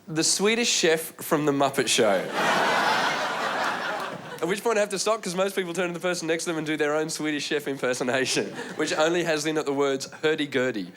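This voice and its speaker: A man doing a stand-up comedy set, telling stories in an animated way and dropping into silly voices and mock languages. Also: on the high side, brisk, very noisy. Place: live comedy stage.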